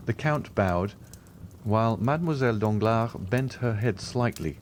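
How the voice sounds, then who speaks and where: A man narrating a classic novel as an audiobook, measured and formal. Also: deep voice, slight background noise. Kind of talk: scripted narration.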